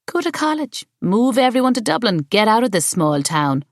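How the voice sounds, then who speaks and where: A woman's voice: on the high side, sing-song, normal speed, dry recording, clean studio sound, voice pushed up. A woman reading the part of a cool, businesslike landlady pressing a deal. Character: cool, pushy woman landlord in a pristine suit.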